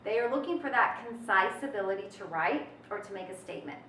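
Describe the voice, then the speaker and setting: A woman's voice: medium pitch, expressive, fast, sharp tone, slight background noise. A woman teaching a recorded test prep lesson in an upbeat, chatty way with folksy asides. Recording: roomy echo, mic at a distance.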